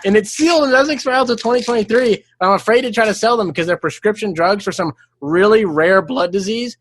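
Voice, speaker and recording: High-voiced man telling a wild story. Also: fast, a little hiss or hum. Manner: animated, swears a lot, laughs mid-sentence. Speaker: podcast guest. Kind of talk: casual storytelling chat. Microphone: studio microphone.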